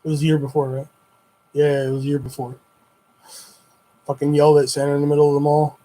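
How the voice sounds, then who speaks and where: This young adult streamer rambles casually through stories, swearing as he goes. His slightly higher-than-average male voice is warm but monotone, and he speaks at a quick pace.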